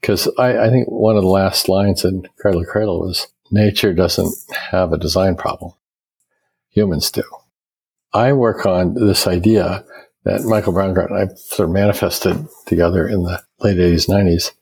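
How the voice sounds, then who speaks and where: A man's voice: low voice, normal speed, vocal fry, slightly rough, low-quality recording. An older American man, an architect, telling stories and explaining ideas in a reflective interview. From United States. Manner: reflective, storytelling, quotes others in lively voices. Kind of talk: conversational interview.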